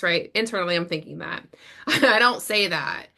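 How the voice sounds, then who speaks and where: A woman's voice: mid-range voice, measured pace, pushed and bright. A woman in her thirties co-hosting a podcast, telling personal stories casually and laughing easily. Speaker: podcast co-host. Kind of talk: casual chat.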